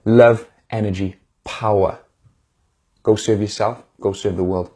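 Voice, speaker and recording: Male motivational speaker, live stream; warm, encouraging, speaks straight to viewers; slightly raspy. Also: fairly low pitch, steady tone, unhurried. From United Kingdom. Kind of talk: live-streamed casual pep talk.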